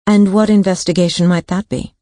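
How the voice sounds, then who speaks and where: A woman narrator voicing a composed female police sergeant who asks measured, probing questions. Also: fairly low pitch, fairly even intonation, warm tone, no room sound, studio quality, natural voice.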